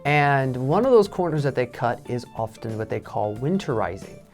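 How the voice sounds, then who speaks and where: A man in a relaxed English lesson, explaining with casual fillers. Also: medium pitch, normal speed, soft background music. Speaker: English teacher. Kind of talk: casual teaching chat.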